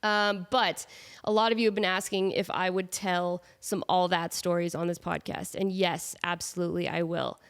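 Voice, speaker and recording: A woman's voice: lowish voice, little pitch movement, moderate pace, smooth. A woman in her thirties with a nasal voice from a cold, hosting a casual solo podcast in a chatty, self-mocking way with rambling asides. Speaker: podcast host. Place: at home with her cat.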